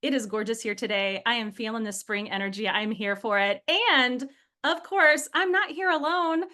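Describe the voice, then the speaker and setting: A woman's voice: a little high, moderate pace, pushed and bright. A woman from Michigan hosting a live webinar over a video call, bubbly and enthusiastic, greeting attendees by name. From Michigan, USA. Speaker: webinar host.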